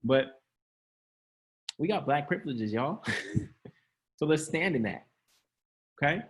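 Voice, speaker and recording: A man preaches a sermon to an online congregation in a conversational style, laughing often and calling out to his listeners. His voice is on the high side, expressive and slow.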